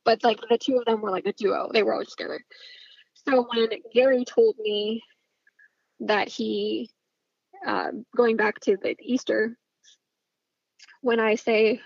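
A woman's voice: a little high, fairly even intonation, a little slow, vocal fry, long pauses, husky, no room sound, muffled recording. A woman telling a personal story in casual speech, intense and swearing freely. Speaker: storyteller recounting a personal family event.

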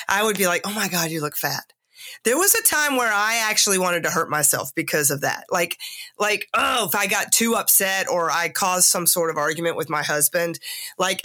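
A woman's voice: mid-range voice, sharp tone. A middle-aged woman hosting a podcast, talking candidly and confessionally about herself while she is sick with a cold. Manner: candid, confessional, self-mocking asides. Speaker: podcast host. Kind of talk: personal reflective monologue.

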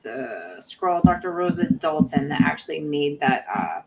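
A woman's voice: sits low, huge pitch swings, a little slow, vocal fry, a crowd in the background, low-quality recording. A woman co-hosting a podcast, recapping a show in casual chat with lots of fillers and restarts. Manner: rambling, many fillers and restarts. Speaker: podcast co-host.

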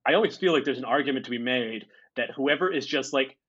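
A man's voice: mid-range voice, fast, breathy edge. Podcast co-host, laid-back man, hedgy, slightly muffled mic. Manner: relaxed, hedging, lots of "like" and "uh". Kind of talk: casual film chat. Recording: slightly dull recording.

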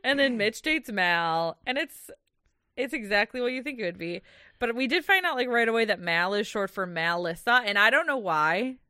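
Chatty woman with a bright voice. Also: a little high, animated, clear, resonant tone, no room sound, studio quality. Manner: rambling, lots of "like", quick laughs. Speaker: podcast co-host. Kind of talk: casual recap chat.

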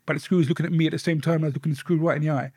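A middle-aged man, a softly spoken interview guest telling his life story and swearing freely. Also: on the high side, steady tone, racing, slightly rough, no echo, clean studio sound.

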